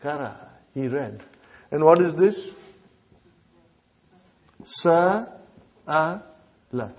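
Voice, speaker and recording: Guy teaching arabic in a classroom, kinda high voice, says things twice slow and keeps going "huh?". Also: expressive, darkish tone. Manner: repeats phrases slowly, prompts the class with "huh?". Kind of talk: classroom lesson.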